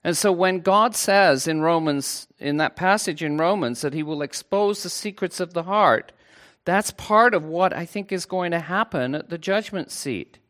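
Guy preaching, fairly high voice, slow and earnest, chatty asides to the church. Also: fairly bright tone. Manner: earnest, unhurried, with playful asides to the congregation. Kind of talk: sermon.

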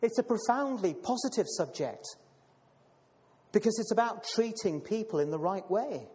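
A man's voice: sits high, animated, normal speed, a little mellow. A man preaching a sermon and reading scripture, calling listeners brothers and sisters, with many fillers and repeated words. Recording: long hall reverb.

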